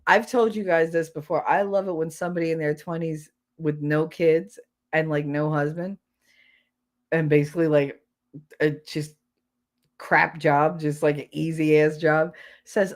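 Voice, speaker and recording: A middle-aged woman with a low voice talks bluntly and casually on a livestream. She rambles from one story to the next and speaks plainly. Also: steady tone, measured pace, long pauses, a bit bright. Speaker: livestream host. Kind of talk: casual chat.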